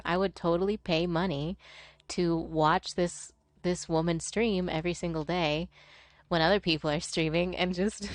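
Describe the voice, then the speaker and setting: A young woman streamer rambling through casual chat over a game. She swears freely and laughs often in a lowish voice. The sound is close and dry. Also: dry recording. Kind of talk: casual chat while gaming.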